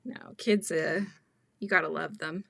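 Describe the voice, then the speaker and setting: Chatty woman with a bright voice. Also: deep voice, fairly even intonation, measured pace, vocal fry, dry recording. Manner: chatty, laughs often, acts out quotes in a raised voice. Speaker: crochet livestream host. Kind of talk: casual chat while crocheting, reading viewer comments.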